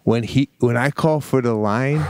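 A man co-hosting a podcast, telling a story in a dramatic, animated way and acting out the quotes. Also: medium pitch, a little slow, no room sound, studio quality. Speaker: podcast co-host. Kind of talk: casual storytelling chat.

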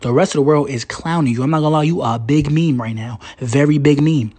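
A man doing a husky, blunt, teasing buddy. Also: on the high side, fast, a little mellow, voice pushed down. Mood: hyped.

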